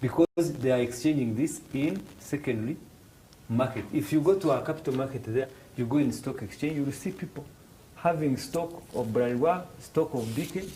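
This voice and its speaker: A man's voice: medium pitch, moderate pace, a little hiss or hum, poor audio. A man with a Rwandan English accent explaining financial markets to students, acting out little dialogues and restarting his phrases. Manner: animated, acts out dialogues in raised voices, hesitant restarts. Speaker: financial literacy instructor. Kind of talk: classroom explanation with acted examples.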